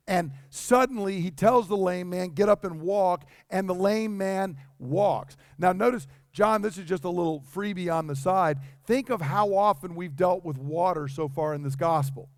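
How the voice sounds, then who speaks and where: A man's voice: high voice, measured pace, no room sound. A man preaching a sermon in a conversational way, acting out the dialogue he quotes. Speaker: pastor.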